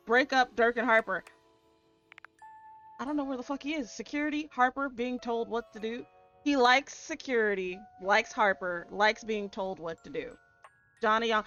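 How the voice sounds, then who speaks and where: A woman streamer giving live gameplay commentary, expressive, swearing often and laughing a lot. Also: a little high, highs cut off.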